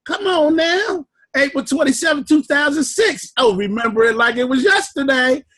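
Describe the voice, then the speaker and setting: A man hosting a fired-up motivational conference call, loud and preachy. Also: lively intonation, normal speed, no echo. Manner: loud, preachy, shouting with swooping pitch.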